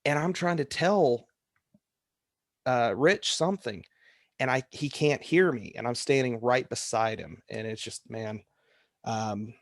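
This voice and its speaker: A man's voice: medium pitch, a little slow, dry recording. Man telling a story in a dry voice. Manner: animated, acts out counts and shouts while telling a story. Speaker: wrestling referee. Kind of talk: casual podcast storytelling.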